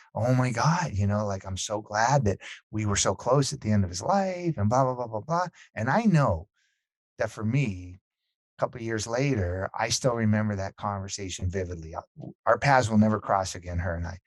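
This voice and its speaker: No echo on this one: a lowish-voiced man at a moderate pace, appearing as a guest in a laid-back podcast chat. He recounts a story with animation, acting out others' words.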